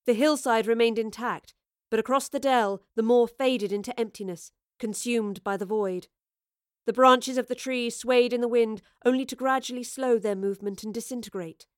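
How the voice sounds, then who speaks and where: A woman narrating a fantasy audiobook in a steady, expressive storytelling voice. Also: a little high, normal speed, no echo, clean studio sound. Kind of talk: scripted narration.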